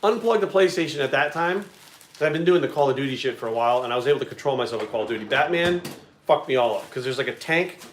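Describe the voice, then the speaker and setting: A man telling a story in casual chat, animated and full of swearing. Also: mid-range voice, quick pace, slight background noise. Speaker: video creator and host. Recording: echoey room.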